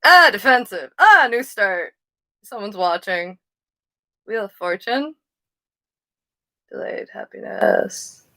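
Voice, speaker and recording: A woman's voice: mid-range voice, sing-song, takes it slowly, long pauses, sharp tone, no echo, rough recording. A woman giving a casual live tarot reading, rambling and easily sidetracked. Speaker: tarot reader.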